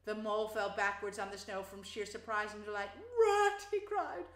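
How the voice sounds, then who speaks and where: A woman teacher calmly reading a children's storybook aloud. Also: mid-range voice, brisk. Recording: roomy echo.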